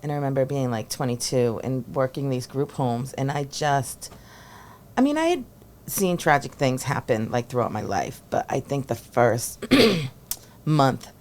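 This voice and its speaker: A woman's voice: extremely low pitch, animated, a little slow, darkish tone, a little hiss or hum. A woman in her forties from Massachusetts, a teacher and former social worker chatting as a guest, talking loosely with lots of fillers and laughs. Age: 40s. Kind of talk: casual interview chat.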